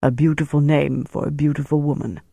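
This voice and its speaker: A man reading the part of a commanding male German army major in an audiobook, in a crisp tone of authority. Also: fairly high pitch, fairly even intonation, fairly quick, warm tone, no room sound. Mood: smooth.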